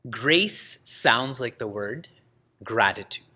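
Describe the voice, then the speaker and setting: Guy teaching scripture class, slow and bright, laughs a lot, tosses in sanskrit words. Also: medium pitch, slightly rough. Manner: lively storytelling with frequent laughs; mixes Sanskrit terms into teaching. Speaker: spiritual teacher.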